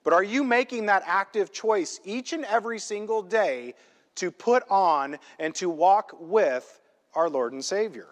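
A male pastor preaching a sermon in a church, emphatic and conversational, often checking in with a quick "right?". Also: high voice, expressive. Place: church sanctuary. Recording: long hall reverb in a church.

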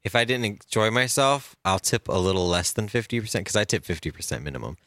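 A young man in his twenties chatting casually, quick to react and laugh. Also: on the low side, expressive, a bit bright, dry recording. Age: 20s. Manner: reactive, laughs easily, short interjections. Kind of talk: casual chat.

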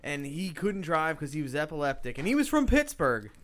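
A man's voice: a little high, big pitch swings, brisk, fairly bright tone. A young man telling a rambling, earnest anecdote in a casual podcast chat. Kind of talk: casual storytelling.

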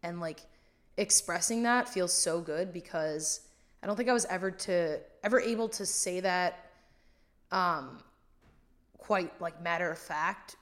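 A woman's voice: lowish voice, a little slow, a bit bright. A young woman in her twenties co-hosting a podcast, talking candidly and rambling, with lots of "like" fillers and some swearing. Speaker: podcast co-host. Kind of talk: casual chat.

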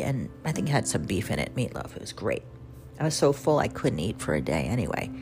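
A woman's voice: very deep voice, very animated, fairly quick. A woman with a Southern accent hosting a radio show, telling rambling stories in a chatty, self-mocking way. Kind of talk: casual storytelling monologue. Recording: music playing under the voice.

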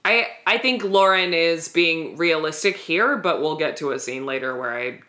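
A woman's voice: deep voice, normal speed, pushed and bright. A woman co-hosting a podcast, recapping a TV episode in a chatty, candid way and laughing easily. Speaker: podcast co-host. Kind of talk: casual TV recap chat.

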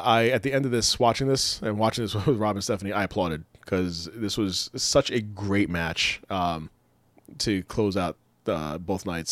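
A man co-hosting a casual chat show, rambling, excitable and laughing often. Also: lowish voice, dry recording. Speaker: podcast co-host.

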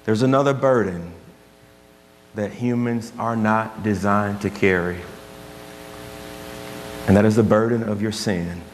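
A man preaching in a church sanctuary, his low voice carrying an earnest, conversational storytelling manner. His words ring out with a long hall reverb over a faint hum. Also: measured pace, pauses often. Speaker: pastor. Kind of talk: sermon.

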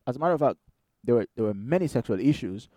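A man preaching a sermon in a conversational, animated way, firing rhetorical questions at the congregation. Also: medium pitch, quick pace, dry recording. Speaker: pastor.

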